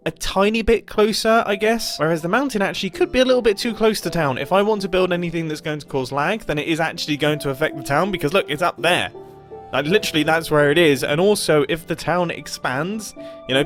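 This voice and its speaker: A man's voice: fairly high pitch, fairly bright tone. Chatty man narrating gameplay. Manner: chatty, playful and rambling. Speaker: gaming video creator. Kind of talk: casual game commentary voice-over.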